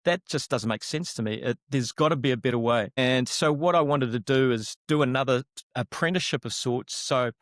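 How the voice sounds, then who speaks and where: A middle-aged man with a New Zealand accent, a relaxed, self-deprecating interview guest who laughs easily. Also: mid-range voice, a little fast, no echo, studio quality. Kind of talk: casual interview talk.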